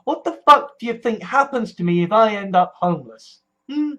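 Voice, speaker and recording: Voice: medium pitch, animated, sharp tone. Scared, swearing British-sounding vlogger. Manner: anxious, swearing, halting restarts. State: scared and distressed. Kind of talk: personal political vlog.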